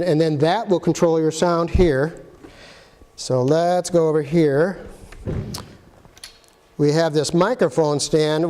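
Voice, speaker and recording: Man instructor, casual hands-on demo, slightly high voice, echoey hall sound. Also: a little mellow. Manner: plain, practical, talks while handling gear. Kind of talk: casual how-to demonstration.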